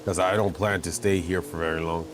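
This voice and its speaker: Deep-voiced man commentating a racing game. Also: a little fast. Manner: chatty, self-mocking, excitable at wins. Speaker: gamer commentating his play. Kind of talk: casual gameplay commentary. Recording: game engine noise behind voice. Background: racing game car sounds.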